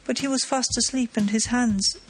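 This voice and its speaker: A woman's voice: a little high, steady tone, normal speed, slight background noise, lightly acted, poor audio. A woman reading the part of a distraught household nurse, pleading and upset, in her own voice.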